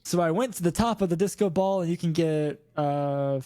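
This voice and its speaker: A man's voice: on the high side, moderate pace, clear, resonant tone. Casual co-host chat, young man with a lightish voice, rambles and does goofy voices. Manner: rambling, animated, slips into mock voices. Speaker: podcast co-host. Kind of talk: casual chat about video games.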